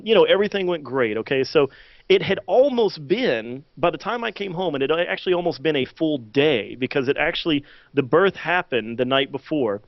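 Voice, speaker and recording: A man co-hosting a podcast, telling a long story in casual chat, animated with many fillers and loud acted-out quotes. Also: on the high side, no echo, muffled recording. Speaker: podcast co-host.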